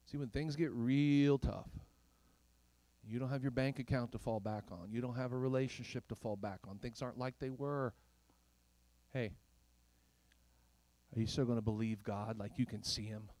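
A male pastor preaching a sermon in an emphatic, rhetorical way. He swings from loud questions to hushed whispers and adds playful asides with chuckles. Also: medium pitch, fairly even intonation, moderate pace, pauses often, no echo.

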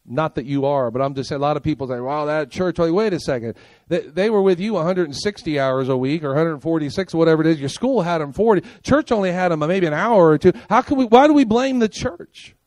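An older man preaching a sermon as pastor, emphatic, firing rhetorical questions and asking the congregation if they are with him, swinging from loud punchy lines to quiet low ones. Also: quick pace, hardly any pauses, dry recording. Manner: emphatic, rhetorical questions and call-and-response checks.

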